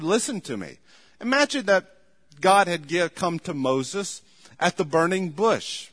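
Male pastor with a high voice, forceful pulpit delivery, long room reverb behind him. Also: very animated, unhurried. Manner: emphatic preaching, repeated "listen to me", sudden loud commands. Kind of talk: sermon.

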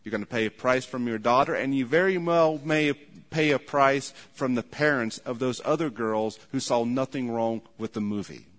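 A man's voice: mid-range voice, normal speed, a bit bright. Man preaching in a reverberant church. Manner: earnest preaching, repeats phrases, voices imagined people. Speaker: pastor. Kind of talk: sermon. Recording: long hall reverb.

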